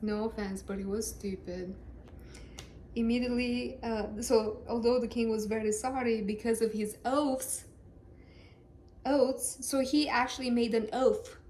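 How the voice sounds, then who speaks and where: A woman's voice: fairly high pitch, steady tone, normal speed, a little mellow, slight background noise. A woman reading scripture aloud with casual, sarcastic, joking commentary. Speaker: Bible reader and commentator.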